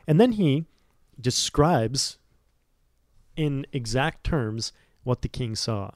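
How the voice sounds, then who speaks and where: A man's voice: mid-range voice, expressive, slow, dry recording, studio quality. A man guesting on a casual scripture discussion podcast, earnest and rambling, with lots of "like"s.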